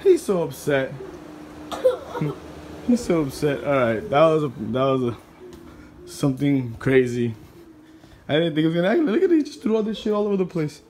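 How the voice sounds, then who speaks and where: A mother teasing her son on camera, her voice bouncing up and down with lively pitch. She talks casually into a handheld phone at home, laughing and mocking. A faint hiss sits behind her. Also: normal speed, long pauses. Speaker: parent filming a prank on her son. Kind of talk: casual home vlog narration. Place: indoors at home.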